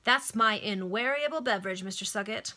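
A woman voicing a solemn middle-aged gentleman who speaks in a deliberate way. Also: medium pitch, lightly acted.

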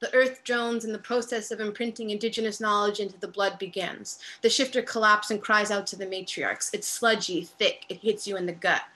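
A woman narrating stage directions in a dramatic play reading, measured and quiet. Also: mid-range voice, fairly even intonation. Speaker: playwright reading her work.

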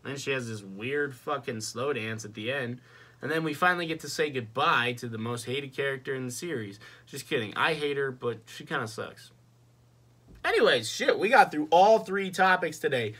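A man's voice: medium pitch, animated, normal speed, a bit bright, husky. A young man ranting casually and profanely in a movie review vlog, exasperated. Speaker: vlogger.

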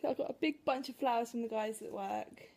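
A woman's voice: on the high side, steady tone, a little fast, vocal fry, a little mellow. A woman in her twenties vlogging at home in a chatty, emotional way, laughing and sighing between thoughts. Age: 20s. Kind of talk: casual vlog to camera. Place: at home indoors.

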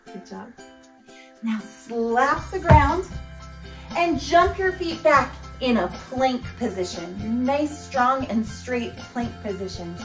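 A woman's voice: high voice, slow pace. A woman teaching a family yoga flow, cheerful and encouraging, singing some of her cues. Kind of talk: guided kids' yoga with singing. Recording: roomy, mic at a distance, music underneath.

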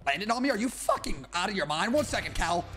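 A young man streaming a shooter game, talking brash and profane in hyped slang over loud music and gunfire. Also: sits high, big pitch swings, quick pace. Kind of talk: gaming commentary over gameplay.

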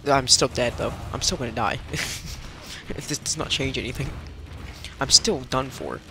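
A man commentating his own gameplay, swinging between muttered complaints and panicked, swearing yells. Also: mid-range voice, moderate pace, creaky, background noise. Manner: panicky, yelling, swearing outbursts. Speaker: let's play gamer. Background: game music.

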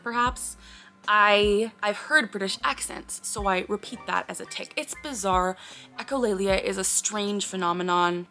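Woman vlogger, casual to-camera talk, bright tone, earnest explaining, sudden blurted interruptions, faint music behind. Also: mid-range voice. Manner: earnest and explanatory, often breaking off with sudden blurted words and sighs.

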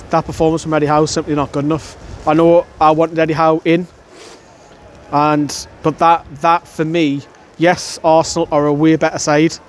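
Young man, furious fan reaction outdoors, blunt and sweary, voice sits a touch high. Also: slight background noise. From North East England. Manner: angry, blunt, swearing, repeats himself. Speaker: fan channel presenter. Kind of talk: post-match fan reaction. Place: outdoors outside a stadium, wet weather.

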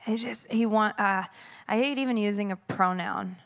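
A woman's voice: mid-range voice, normal speed. A woman worship leader speaking earnestly about the Holy Spirit, reflective and searching for words.

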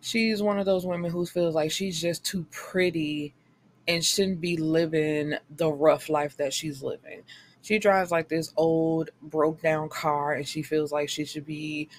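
A woman chatting casually through a book review, blunt and candid, swearing freely and retelling the plot with quick acted-out quotes. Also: sits low, fairly even intonation, slight background noise.

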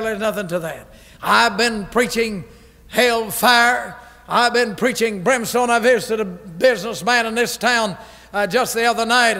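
A pastor preaching a fiery revival sermon, forceful, stern and emphatic, from an old radio broadcast. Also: male voice, very high-pitched. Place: church sanctuary. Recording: reverberant church hall on old radio broadcast.

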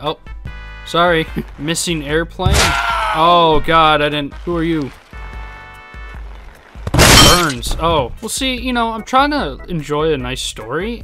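A man commentating a game casually, excitable, swearing, laughing and yelping apologies to the characters. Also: on the high side. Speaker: gaming YouTuber. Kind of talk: casual let's play commentary.

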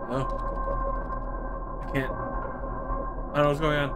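A man's voice: on the high side, level tone, normal speed, over loud music, rough recording. A young man commenting while playing a horror game, jumpy and joking, often gasping and exclaiming. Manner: jumpy, exclaims "oh" a lot, jokey. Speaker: gaming YouTuber.

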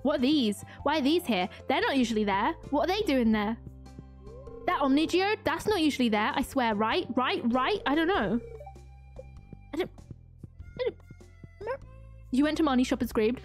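A woman's voice: high-pitched, animated, normal speed, pauses often, faint music behind. A young woman streaming a farming game, gushing and self-mocking as she chats to her viewers. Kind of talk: excitable live-stream commentary.

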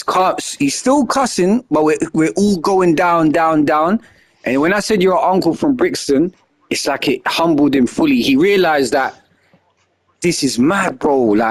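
A young man telling a story casually, animated and slangy, acting out what was said. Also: a little high, measured pace. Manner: animated, slangy, acts out his own lines loudly.

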